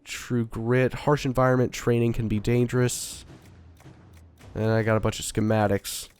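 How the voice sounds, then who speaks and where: A man's voice: mid-range voice, flat delivery, moderate pace, a little mellow, clean tone. Young man from Texas, a bit stuffy from a cold, rambling let's-play talk with casual swearing and lots of ums. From Dallas–Fort Worth area, Texas. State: getting over a cold. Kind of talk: casual gameplay commentary.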